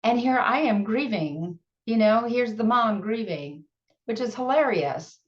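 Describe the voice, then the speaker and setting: Middle-aged female host, candid and self-mocking, slow delivery, dull recording. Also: fairly high pitch, lively intonation. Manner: warm, candid, laughs at herself. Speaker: show host and speaker. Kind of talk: reflective personal talk.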